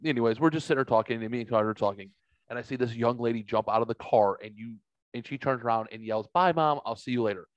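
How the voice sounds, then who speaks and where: A man's voice: medium pitch, fast talker, dry recording. 40s guy rambling thru a story, swears a lot, dry dead room, kinda dull lo-fi sound. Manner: rambling, profane, acts out quoted voices. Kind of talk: casual storytelling chat.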